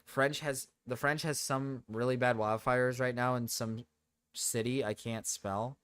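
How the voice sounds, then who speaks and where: A man's voice: medium pitch, steady tone, a little slow, fairly bright tone, clear, resonant tone, no echo. A man streaming, rambling through joking rants with lots of repetition and swearing. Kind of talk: casual live-stream chat.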